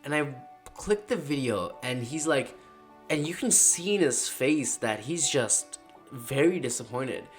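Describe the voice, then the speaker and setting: Slangy, animated man telling a story. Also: mid-range voice, a little slow, faint music behind. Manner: animated, slangy, dramatic retelling. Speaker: freelance marketing creator. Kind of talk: casual storytelling vlog.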